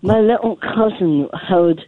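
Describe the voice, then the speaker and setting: A Scottish man phones in to a radio show, speaking in a halting, hesitant way. His fairly high voice comes over a tinny phone line and sounds dry and close. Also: dry recording. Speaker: caller.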